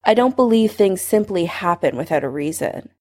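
A woman voicing an old male headmaster wizard who speaks in a measured, dry, quietly pressing way. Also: on the low side, expressive. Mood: calm.

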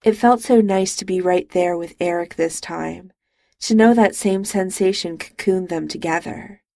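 A woman narrates a romance audiobook in a calm, even storytelling manner. Her voice is slow and gravelly with a slight fry, and the close studio mic keeps it dry. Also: fairly low pitch, no echo.

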